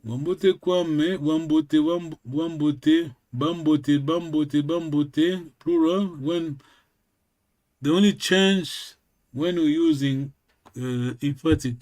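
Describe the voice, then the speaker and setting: A man's voice: fairly high pitch, steady tone, slow pace, darkish tone. A man who speaks natively, teaching a language lesson. He is patient and repeats words many times.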